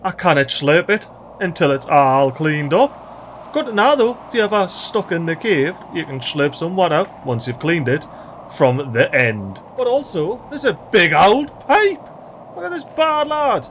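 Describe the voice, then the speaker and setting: A man with a Geordie accent giving excitable, slangy, mildly sweary commentary as he plays a game. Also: a little high, a little slow, a little hiss or hum. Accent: Geordie, North East England. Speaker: let's play host. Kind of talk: gameplay commentary.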